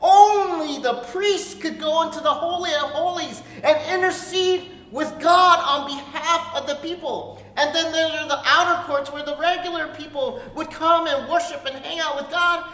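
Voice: sits high, moderate pace, few pauses, bright, forceful tone, echoey room, big-room sound. A pastor preaching a conversational sermon and checking in with "right?" asides.

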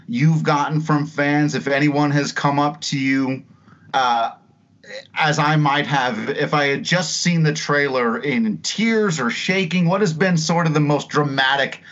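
A man hosting a podcast, asking a rambling, excited question in casual chat. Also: fairly high pitch, muffled recording. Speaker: podcast host.

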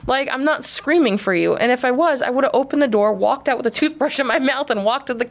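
A woman, co-hosting a podcast in casual chat, telling stories with lively quoted voices. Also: sits high, quick pace. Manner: animated storytelling with quoted voices. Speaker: podcast co-host.

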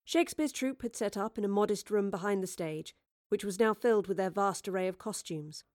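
A woman reading a novel aloud in measured, even scripted narration, close to the microphone. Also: mid-range voice, dry recording. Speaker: audiobook reader.

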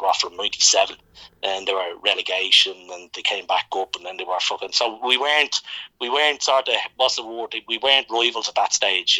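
A man's voice: on the low side, bright, forceful tone, low-quality recording. A middle-aged Irish man telling rambling, anecdotal stories in casual chat, swearing freely and leaning on fillers. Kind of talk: casual storytelling.

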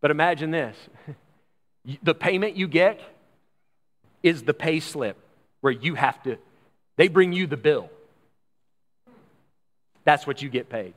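A man preaching a sermon as pastor, emphatic, slowing down to stress key phrases and acting out the voices he quotes. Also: fairly high pitch, long reverb tail.

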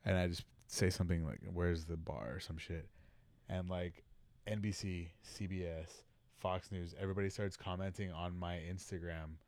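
Low-voiced man telling a story. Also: fairly even intonation, normal speed, darkish tone, no echo. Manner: laid-back, swearing, laughing storyteller. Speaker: podcast guest. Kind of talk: casual storytelling.

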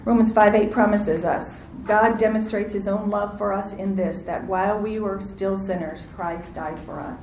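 A woman preaching a sermon, lively and acting out the voices in the story, calling on her listeners to answer back. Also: mid-range voice, normal speed, few pauses, reverberant, a little hiss or hum, low-quality recording. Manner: animated, acts out quoted voices, asks audience to respond.

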